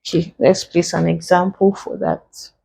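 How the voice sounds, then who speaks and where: A woman's voice: on the low side, little pitch movement, normal speed, creaky, dark tone, slightly rough, rough recording. A woman from Nigeria teaching an exam-prep English lesson, spelling out letters one by one and explaining each step. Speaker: English tutor.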